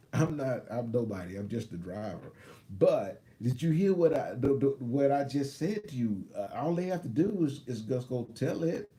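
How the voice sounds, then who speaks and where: A man's voice: mid-range voice, mellow. A man in his fifties, a truck driver, telling a rambling story on a live stream and backing up to restart often. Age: 50s. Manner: rambling, backtracks and restarts, acts out both sides of a story.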